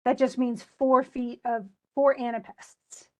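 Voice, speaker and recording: A woman's voice: sits high, level tone, measured pace, dull audio. A woman teacher giving a loose, chatty lecture on poetry, full of restarts and asides. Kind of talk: recorded class lecture.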